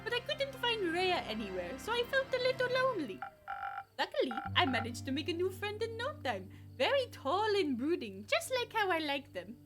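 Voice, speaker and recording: A woman's voice: very high-pitched, huge pitch swings, moderate pace, over music, pitched above the performer's own voice, full character voice. A woman voicing a flamboyant, vain male vampire who visits a tavern, reading the game's lines in a theatrical, self-satisfied way. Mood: airy. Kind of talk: reading video game dialogue aloud.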